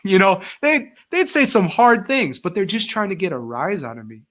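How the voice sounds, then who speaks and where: Animated storytelling man, slightly high voice. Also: moderate pace. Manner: animated, acts out quoted voices. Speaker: guest, former teacher. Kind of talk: casual interview storytelling.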